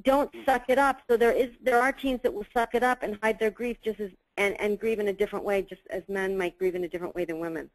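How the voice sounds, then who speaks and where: A woman's voice: mid-range voice, fairly even intonation, fast talker, few pauses, low-quality recording. A woman hosting a webinar discussion, reflecting back what her guest says in a counseling manner. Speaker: host.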